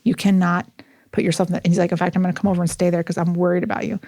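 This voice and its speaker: Chatty woman telling lively stories, dry sound. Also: fairly low pitch, very fast, no echo. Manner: animated storyteller, laughs often, many fillers. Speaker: podcast guest. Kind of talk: casual conversation.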